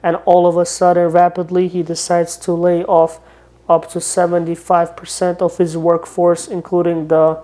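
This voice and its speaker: A man with a Russian accent co-hosting a casual comedy podcast, talking in a deadpan way. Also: high voice, moderate pace. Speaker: podcast co-host.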